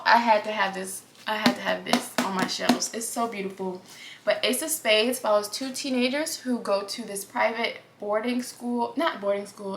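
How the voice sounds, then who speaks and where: A woman's voice: fairly high pitch, a bit bright, slight background noise. Chatty, effusive woman in a roomy space. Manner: chatty and effusive, addresses viewers as y'all. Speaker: book vlogger. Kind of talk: casual chat to camera. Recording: roomy echo.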